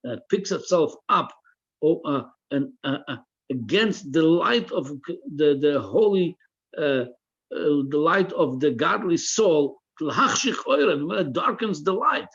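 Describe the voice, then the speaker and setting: A man's voice: on the high side, expressive, moderate pace, a bit bright, husky, highs cut off. A man teaching a religious text class, reading each phrase aloud and translating it line by line, often repeating words while he searches for the right translation. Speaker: Torah teacher.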